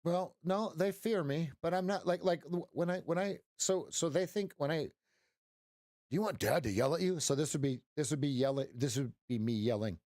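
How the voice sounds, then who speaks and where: A middle-aged man coaching traders on a live stream, his voice sitting a little higher than most men's. He rambles and jokes, restarting sentences and tossing in "right?" as he goes. The sound is close and dry. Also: a little fast, hardly any pauses, darkish tone, no echo. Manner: rambling and joking, with frequent restarts and "right?" tags. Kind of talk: casual live-stream trading commentary.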